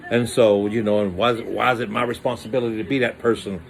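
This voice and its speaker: A man telling a rambling comic monologue in a slangy, animated way, jumping into high voices for quoted lines. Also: fast talker, creaky. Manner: animated, slangy, acts out voices with pitch jumps. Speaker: monologue storyteller.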